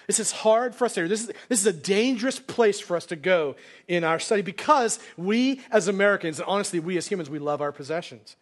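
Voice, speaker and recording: High-voiced man preaching conversationally. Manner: casual conversational preaching, acts out quotes. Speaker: pastor. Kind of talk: sermon. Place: church sanctuary, live congregation.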